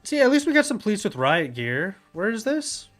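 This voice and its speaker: A man's voice: high-pitched, huge pitch swings, moderate pace, over music. A man streaming a casual rant commentary over videos, blunt and profane, often sneering and laughing. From Canada.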